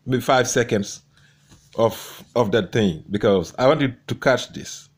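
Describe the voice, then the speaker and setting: A man's voice: medium pitch, a little slow. A man commenting on a debate, gloating and mocking his opponent with much repetition. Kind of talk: commentary over debate clips.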